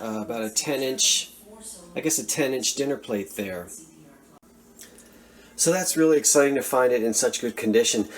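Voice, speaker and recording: Enthusiastic man showing antiques. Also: fairly high pitch. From Philadelphia area. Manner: animated, enthusiastic, chatty asides. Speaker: antiques seller showing a thrift haul. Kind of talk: casual show-and-tell vlog.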